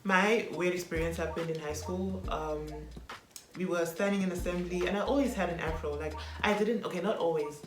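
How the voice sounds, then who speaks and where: A woman from South Africa, a vlogger telling a story from her school days in a lively way and laughing often. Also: on the low side, fairly quick, roomy sound. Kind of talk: casual chat.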